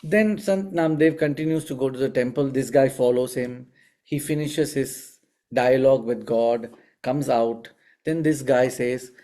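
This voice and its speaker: A man giving a spiritual healing teaching. He tells stories in an animated way and often puts rhetorical questions to his listeners. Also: mid-range voice, measured pace. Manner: asks the audience frequent rhetorical questions; animated storyteller. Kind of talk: teaching talk with storytelling.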